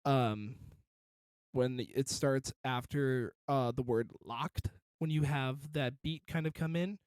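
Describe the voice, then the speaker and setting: A man's voice: mid-range voice, slow, darkish tone, clear, resonant tone, no room sound. A man reviewing a song in casual commentary, encouraging and detailed about vocal technique.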